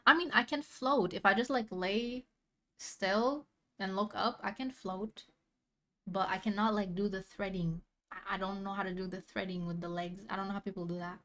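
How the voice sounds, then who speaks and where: A woman's voice: medium pitch, fairly even intonation, normal speed, a bit bright. A young woman chatting casually as she reacts to a video, rambling in slang and laughing often.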